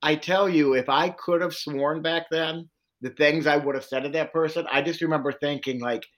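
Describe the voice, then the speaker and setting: A man's voice: on the high side, brisk. A man telling a long personal story in an interview, earnestly acting out the voices of people he met. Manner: earnest, animated retelling with quoted dialogue. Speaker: social worker and domestic violence trainer.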